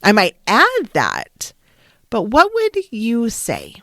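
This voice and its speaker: A middle-aged woman, a wellness coach and counselor, telling a personal story in a slow, halting, heartfelt way. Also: on the high side, huge pitch swings, pushed and bright, dry recording, clean studio sound.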